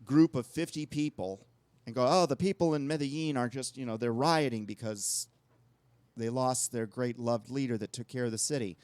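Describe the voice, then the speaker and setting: A man's voice: mid-range voice, moderate pace, darkish tone, no room sound. A man co-hosting a talk show, telling long rambling anecdotes in casual conversation. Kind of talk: casual storytelling chat.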